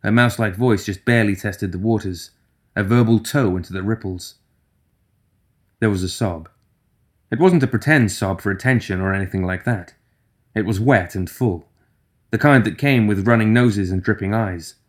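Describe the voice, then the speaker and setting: A man reads a fantasy story aloud as an audiobook narrator, with a voice that sits fairly low. His delivery is even and steady, moving the story along without fuss. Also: moderate pace.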